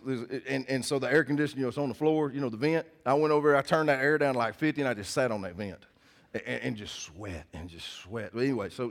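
A man preaching a sermon in a folksy, conversational way, often putting questions to his congregation. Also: mid-range voice. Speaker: pastor.

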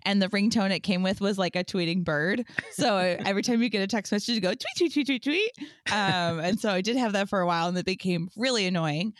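A woman's voice: medium pitch, quick pace, few pauses, dry recording, clean studio sound. A woman co-hosting a podcast, telling a story in a cheerful, giggly way. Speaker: podcast co-host. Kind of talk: casual chat.

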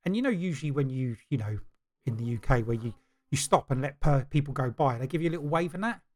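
A man's voice: mid-range voice, expressive, quick pace. A man co-hosting a podcast, chatting casually and telling stories in a rambling, stop-start way. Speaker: podcast co-host. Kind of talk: casual chat.

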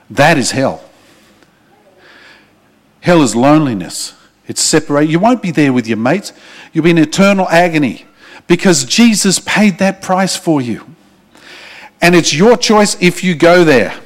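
An Australian man preaching a sermon, earnest and urgent, dropping soft and low when he pleads with listeners. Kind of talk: sermon with altar call.

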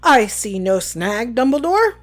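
Woman voicing a pompous male minister, blustering, high barking voice, wide swings. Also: a little slow. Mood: smug. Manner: loud excited outbursts, high and pushed.

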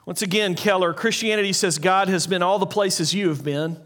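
High voiced guy preaching, earnest, slows down to hammer points home. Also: a bit bright. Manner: earnest, slows down for emphasis and repeats key lines. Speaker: pastor. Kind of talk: sermon.

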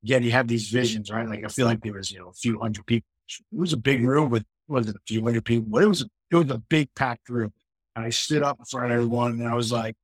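A man's voice: medium pitch, fast, husky, dry recording, poor audio. A middle-aged man from New York, a podcast guest, telling a personal story in a casual, rambling way with lots of restarts. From New York, USA. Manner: conversational, frequent restarts and "you know" fillers.

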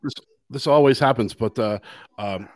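A man's voice: medium pitch, no room sound. A man hosting a casual podcast, stumbling through his sentences with restarts and fillers. His voice sounds dry and close, with no room around it. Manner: halting, full of restarts and fillers. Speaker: podcast host. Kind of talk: casual chat.

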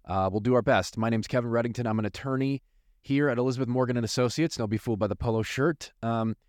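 A man's voice: mid-range voice, darkish tone, dry recording, studio quality. Chatty American man hosting a podcast. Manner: chatty, self-deprecating, with filler pauses. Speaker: attorney and podcast host. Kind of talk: podcast introduction.

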